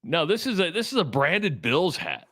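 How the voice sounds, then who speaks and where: A man co-hosts a sports talk radio show with a somewhat high voice. His delivery is lively and full of pitch swings, and he often jokes at his own expense. The studio sound is dry and close. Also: normal speed, no room sound. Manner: joking and self-deprecating.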